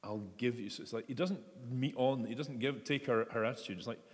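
A man's voice: mid-range voice, brisk, in a large hall. A man preaching a sermon in a conversational, searching way, often restarting his sentences. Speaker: pastor.

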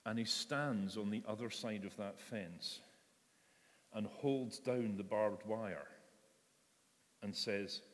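A man preaches in a conversational way and acts out voices in quotes. His voice sits a little low, and it rings with the long reverb of a large church hall. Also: slow, pauses often. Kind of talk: sermon.

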